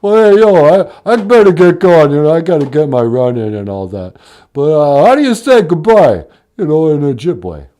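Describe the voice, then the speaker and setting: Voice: mid-range voice, sing-song, moderate pace, mellow, lightly acted. A performer doing a mumbling tough-guy impression of a washed-up male movie star, drawling. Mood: proud.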